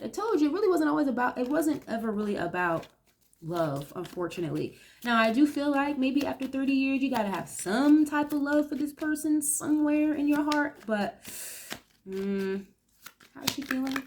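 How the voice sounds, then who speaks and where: This young tarot reader has a high-sitting, animated voice with a darkish tone and talks at a normal speed. She comments bluntly and profanely on each card as she turns it over in a casual reading. A little hiss or hum runs under the recording.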